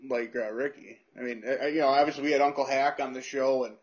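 A man hosting a casual chat, relaxed and easygoing, swearing casually as he asks questions. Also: medium pitch, fast talker, lo-fi sound. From United States. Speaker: podcast host.

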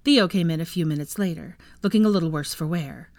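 Low-voiced woman reading a story. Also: brisk, darkish tone, no echo. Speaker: narrator. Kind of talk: fan fiction audiobook reading.

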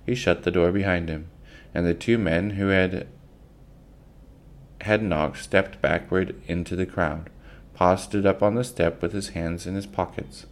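A man reading a children's book aloud in an unhurried way, with occasional slips and restarts. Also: deep voice, steady tone.

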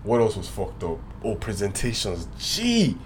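A man's voice: low-pitched, fast talker, a little mellow, slight background noise. A young man from Nigeria, co-hosting a podcast in casual, joking chat full of profanity. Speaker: podcast co-host.

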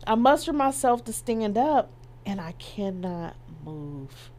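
A woman's voice: mid-range voice, very animated, slow pace, darkish tone. A middle-aged woman telling a personal story as an interview guest, acting out the quoted voices and laughing as she goes.

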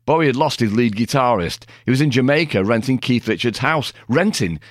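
A man's voice: medium pitch, expressive, fairly quick, no echo, studio quality. A man co-hosting a music podcast, chatting casually and joking, with many hesitant fillers. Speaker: podcast co-host.

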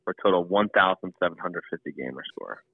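Low-voiced man on a tinny line. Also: fast, crowd noise. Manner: matter-of-fact, reads out stats. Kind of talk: casual gaming chat. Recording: dry, phone-like call audio.

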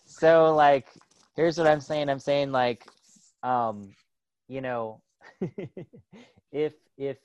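Man, thirties, casual podcast chat, rambling, lots of fillers, mid pitch, dry close sound. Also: extremely slow, long pauses, a little mellow, clear, resonant tone, no room sound, muffled recording. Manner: rambling, loaded with "like" and "right?", laughing often.

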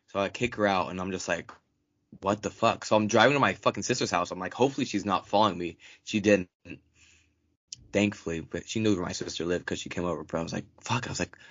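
Low-voiced young man telling a profane story. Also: dry recording. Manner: profane, animated, acts out quotes in raised voice. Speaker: podcast co-host. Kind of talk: casual storytelling chat. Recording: dull lo-fi dry recording.

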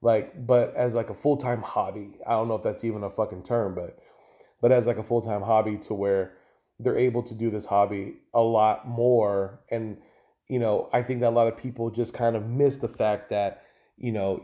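A man with a medium-pitched, dark-toned voice hosts his own podcast alone. His casual solo talk is loose, rambling and profane.

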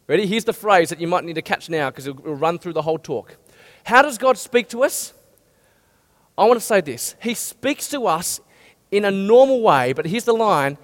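A male pastor preaching a lively sermon and asking his listeners many questions. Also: sits high. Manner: animated, asks the audience many questions. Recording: long hall reverb.

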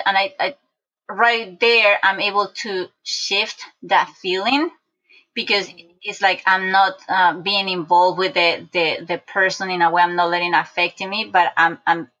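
Woman guest, bright sharp voice, animated storyteller, lo-fi dull audio. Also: mid-range voice, unhurried. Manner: animated storyteller with many restarts and acted-out quotes. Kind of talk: casual conversation, personal storytelling. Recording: dull lo-fi recording.

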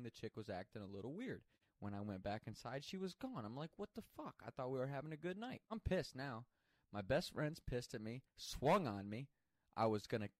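A man's voice: medium pitch, no echo. Profane, laughing male storyteller, dry sound. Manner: profane, animated, laughs while telling. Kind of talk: casual personal storytelling.

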